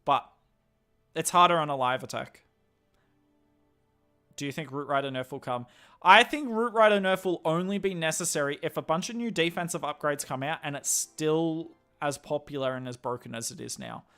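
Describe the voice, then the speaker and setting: An Australian man chatting casually on a live game stream, answering viewers' questions and thinking out loud. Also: fairly high pitch, normal speed, smooth, faint music behind.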